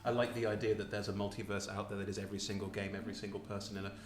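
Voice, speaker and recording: A man's voice: fairly low pitch, little pitch movement, very fast, echoey room. A British man, the dungeon master, hosting a loose, chatty live question-and-answer session on stage in a small theatre. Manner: chatty, loose, laughing often.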